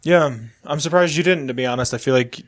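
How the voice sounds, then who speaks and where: A young man co-hosting a podcast, chatting casually and telling a story with lively energy and plenty of swearing. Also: fairly high pitch, fast talker. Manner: animated storytelling, swears freely. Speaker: podcast co-host. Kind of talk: casual chat.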